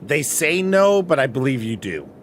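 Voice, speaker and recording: A man's voice: medium pitch, sing-song, moderate pace, slight background noise. A man streaming, chatting casually with friends and talking himself through tasks as he goes. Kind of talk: casual livestream chat with friends.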